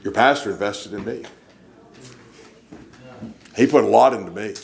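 Gravelly preacher telling stories. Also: male voice, fairly low pitch, normal speed, a little hiss or hum. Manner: folksy storyteller, acts out quoted voices. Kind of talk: sermon storytelling.

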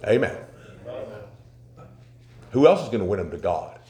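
A man preaching a sermon, telling folksy stories and rising to loud, emphatic questions. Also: fairly low pitch, sing-song, normal speed. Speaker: pastor. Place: church sanctuary. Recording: echoey church sanctuary.

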